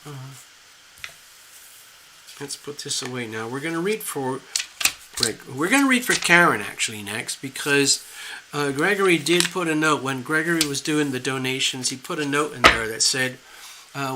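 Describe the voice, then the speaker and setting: A man giving tarot readings on a live stream, talking gently and soothingly, rambling with fillers. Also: medium pitch, lively intonation, moderate pace, background noise. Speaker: tarot reader.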